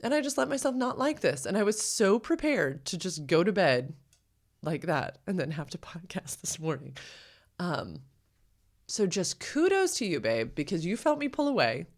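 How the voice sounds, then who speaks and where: A podcast co-host with a low, gravelly voice talks in a casual, heartfelt conversation at a measured pace. She's earnest, reflective, and very animated, often acting out her own quoted thoughts.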